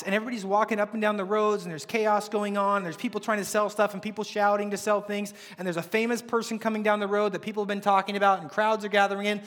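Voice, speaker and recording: A man's voice: high-pitched, fairly bright tone, in a large hall. A man preaching a sermon, telling stories dramatically, crying out quoted lines and then dropping to near whispers. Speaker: pastor.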